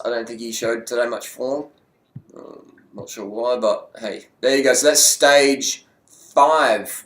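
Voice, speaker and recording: Crude, excitable man commentating cycling. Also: medium pitch, echoey room. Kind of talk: casual race commentary over highlights.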